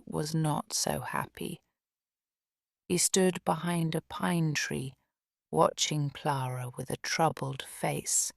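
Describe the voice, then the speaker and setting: A woman narrating a storybook audiobook slowly and softly, often in a near whisper. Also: sits low, vocal fry, no echo, clean studio sound. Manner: slow, soft, often whispered.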